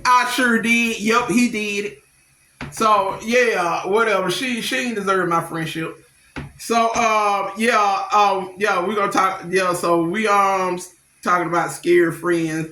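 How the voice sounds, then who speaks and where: A middle-aged woman telling stories on her vlog in an animated, blunt, slangy way, quick to laugh. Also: medium pitch, a little hiss or hum. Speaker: vlogger. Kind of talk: casual storytelling. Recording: echoey room.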